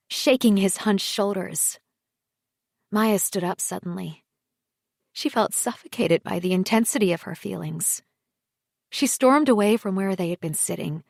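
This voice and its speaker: A woman narrating an audiobook with measured, quiet scripted reading on a close studio mic. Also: lowish voice, vocal fry, dry recording.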